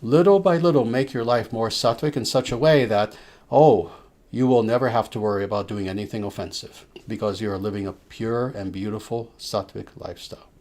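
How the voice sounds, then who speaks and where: A man speaking as a spiritual teacher, answering listeners' questions in a slow, emphatic way with soft filler sounds. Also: fairly low pitch.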